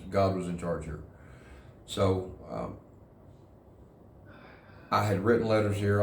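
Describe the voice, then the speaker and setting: A man with a very low voice speaks in a steady, level tone, with little rise or fall. He tells his story earnestly, pausing and repeating words as he goes. The room around him rings with echo. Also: a little hiss or hum. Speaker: interviewee, former prisoner in a recovery program. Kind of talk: personal testimony. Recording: echoey room.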